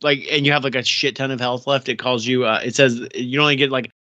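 A man's voice: medium pitch, fairly even intonation, fast, bright, forceful tone, dry recording, muffled recording. A man co-hosting a casual chat about video games, rambling with lots of fillers and restarts.

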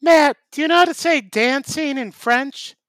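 A man voicing an excitable rambling man who gushes and keeps drifting off topic in an improvised comedy bit. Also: very high-pitched, moderate pace, no room sound, voice pushed up. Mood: gushing. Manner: breathless gushing, drifting from topic to topic. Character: excitable rambling man, gushing, easily sidetracked.

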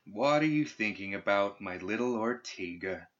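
A man voicing a creepy male doctor who speaks softly and coaxingly to a patient, in a storybook reading. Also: on the low side, expressive, moderate pace. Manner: soft, coaxing, hushed. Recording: dull lo-fi recording.

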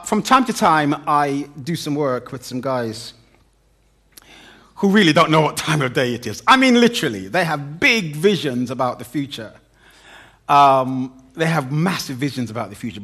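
A middle-aged man preaching a sermon, with dramatic emphasis, pauses and humorous asides. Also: mid-range voice, a bit bright.

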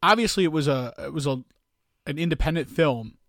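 A middle-aged man chatting casually as a podcast co-host, rambling and restarting, quick to laugh. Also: a little high, vocal fry, a bit bright, dry recording, clean studio sound. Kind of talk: casual chat.

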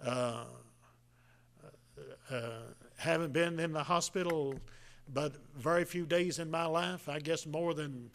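A man, preaching a sermon in a folksy, halting way, with many restarts and fillers. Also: fairly high pitch, fairly even intonation, a bit bright. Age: 70s. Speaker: pastor.

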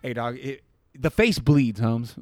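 A man's voice: medium pitch, a little slow, darkish tone, dry recording. A man on a podcast telling a rambling, profane story in casual slang. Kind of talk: casual chat. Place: podcast studio.

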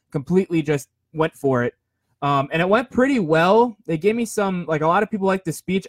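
Young man in his 20s, casual rambling host, slightly high voice, dry close mic. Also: no echo. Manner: rambling, filler-heavy, self-deprecating. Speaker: podcast host. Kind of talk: casual storytelling monologue.

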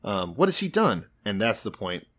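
Low-voiced sarcastic man telling a story. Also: normal speed. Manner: profane, sarcastic, animated storytelling. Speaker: podcast co-host. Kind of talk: irreverent casual retelling of Bible stories.

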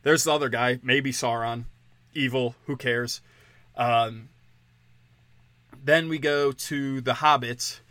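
A man's voice: mid-range voice, fairly even intonation, slow, pauses often, pushed and bright, dry recording. A man ranting on a podcast in a crude, sardonic, profane way, mocking as he goes. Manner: mocking, slips into sarcastic quoted voices. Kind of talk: casual podcast rant.

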